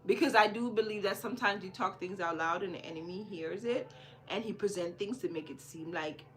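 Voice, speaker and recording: A woman from Jamaica hosting a podcast, telling a personal story in a casual, animated way and repeating phrases for emphasis. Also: fairly low pitch. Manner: animated, repeats phrases for emphasis, swings between hushed and loud. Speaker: podcast host.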